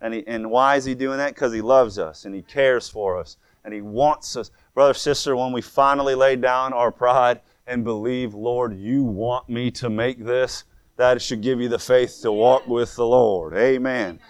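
Earnest preaching man, smooth clear voice. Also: medium pitch, fairly even intonation, moderate pace, no room sound. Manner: earnest, fervent, repeats words as he builds a point. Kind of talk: sermon.

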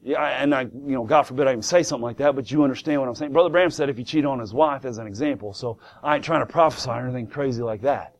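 A man's voice: mid-range voice, racing, few pauses. A man preaching a sermon to a congregation in church, emphatic, asking rhetorical questions and repeating key words.

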